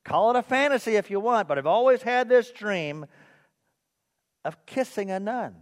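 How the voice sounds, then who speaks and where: A man's voice: high-pitched, moderate pace. A man preacher voicing a nervous male taxi driver in a joke, who stammers and blurts things out. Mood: hesitant. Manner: hesitant, then excited. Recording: long reverb of a church hall.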